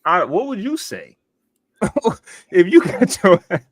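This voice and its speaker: A man's voice: high voice, big pitch swings, takes it slowly, no echo. A man co-hosting a casual talk show, blunt and slangy, laughing as he talks.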